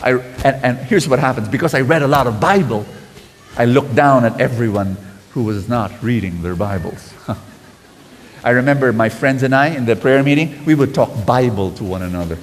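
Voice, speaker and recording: Animated man preaching in an echoey hall. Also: mid-range voice, moderate pace, slight background noise. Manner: animated, calls for audience responses, acts out quotes loudly. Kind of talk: sermon.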